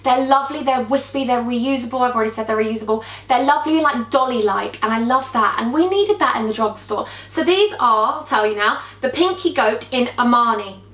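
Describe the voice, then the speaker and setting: A young woman talks through a makeup tutorial in a gossipy, animated way, her voice sitting a little high. She sounds close to the camera mic in a room that gives a clear echo. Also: brisk, hardly any pauses. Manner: gossipy, animated storytelling while applying makeup. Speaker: beauty vlogger. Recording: echoey room.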